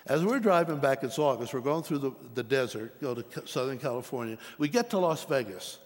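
A man's voice: animated, fairly quick. Earnest preacher man in a reverberant hall. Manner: storytelling, earnest, rises in pitch when emphatic. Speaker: preacher telling his testimony. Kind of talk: sermon testimony.

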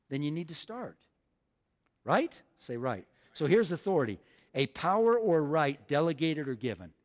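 A man preaching a sermon as pastor, emphatic, repeating lines for the congregation to say back. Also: mid-range voice. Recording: long hall reverb.

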